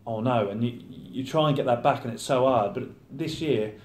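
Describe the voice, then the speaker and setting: A man's voice: medium pitch, normal speed. A thirty-year-old man, a professional footballer, chatting casually in an interview and acting out his teammates' banter. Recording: roomy echo.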